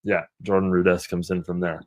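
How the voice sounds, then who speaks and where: A man's voice: low-pitched, little pitch movement, a little fast. A man who is a guest on a music podcast, chatting casually and eagerly sharing what he knows. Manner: chatty, eager to share knowledge. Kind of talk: casual chat.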